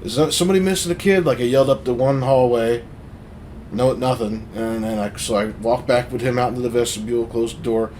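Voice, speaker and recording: A man's voice: mid-range voice, flat delivery, fairly quick, darkish tone, slight background noise. A man telling a story in loose, profane casual chat, full of fillers.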